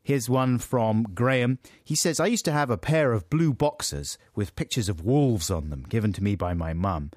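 A man's voice: lowish voice, expressive, moderate pace, hardly any pauses, darkish tone, no echo, clean studio sound. A man co-hosting a comedy podcast, playfully reading out listener letters and laughing often in casual chat. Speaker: podcast co-host.

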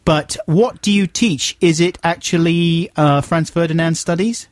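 A man's voice: a little high, no room sound, clean studio sound. A man co-hosting a comedic radio show, teasing and playful as he questions a guest. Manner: teasing, playful, quick to jump in. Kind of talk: casual comedic radio banter.

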